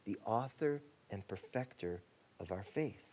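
A male pastor preaching a sermon in a conversational way, acting out quotes and shifting between excited bursts and quiet, soft passages. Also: on the low side, a little slow. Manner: conversational preaching, acts out quotes, rising and dropping to a hush.

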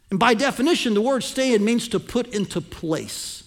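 High-voiced pastor preaching a sermon. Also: male voice, expressive. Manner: teaching, asks the congregation to follow along; slows down and lands key phrases with emphasis.

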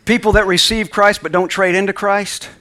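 High-voiced preacher guy, bright and punchy, gets the church to repeat after him. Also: steady tone, moderate pace. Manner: emphatic call-and-response preaching, reading scripture aloud. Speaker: pastor. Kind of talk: sermon. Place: church sanctuary with congregation.

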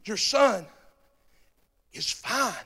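A man's voice: high voice, animated, very slow, sharp tone, husky, full character voice. A man voicing an eager household servant breaking surprising good news. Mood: excited.

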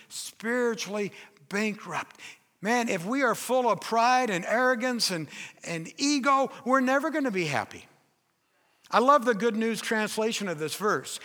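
A man's voice: very high-pitched, sharp tone. An older man preaching a sermon as pastor, emphatic, acting out quoted voices. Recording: reverberant hall.

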